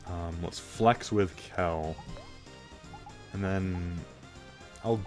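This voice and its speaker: A man giving quiet, low-key let's play commentary, thinking aloud as he plays. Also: drawn-out words, faint music behind. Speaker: gamer.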